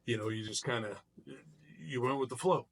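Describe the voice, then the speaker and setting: A middle-aged man, a martial artist, telling a personal story in a casual vlog, animated and loose with frequent restarts. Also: mid-range voice, normal speed.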